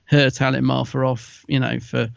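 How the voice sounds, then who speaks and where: A man with a gravelly, creaky voice, animated and quick to laugh as he chats on a podcast. The sound is dull and lo-fi, and dry with no room echo. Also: mid-range voice. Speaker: podcast co-host. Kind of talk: casual review chat.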